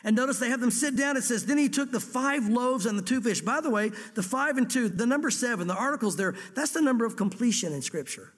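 Man, pastor, sermon, high-pitched, animated storytelling, reverberant hall. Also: fast, few pauses. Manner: lively storytelling, dramatizing scripture dialogue.

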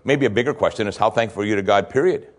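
Man preaching a slow, emphatic sermon. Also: fairly low pitch. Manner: slow emphatic verse reading, rhetorical questions. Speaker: pastor.

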